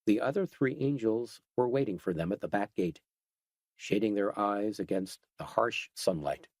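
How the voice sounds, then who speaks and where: A man giving steady, scripted narration of a horror audiobook. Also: on the low side, normal speed, no room sound.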